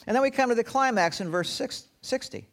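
A man preaching a sermon, telling the story dramatically and often dropping to a hushed, low tone. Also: expressive, fairly quick, gravelly. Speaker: pastor.

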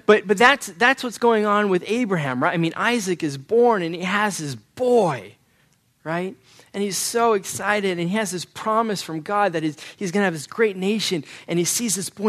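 Young male pastor, earnest and halting, throat-clearing, voice a touch high. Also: fairly bright tone. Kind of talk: sermon with a personal story.

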